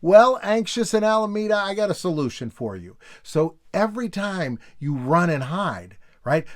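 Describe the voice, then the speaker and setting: A man hosting a nostalgia video in a casual, joking tone, reading old magazine pages aloud and slipping into silly voices. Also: sits high. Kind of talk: casual comedic commentary.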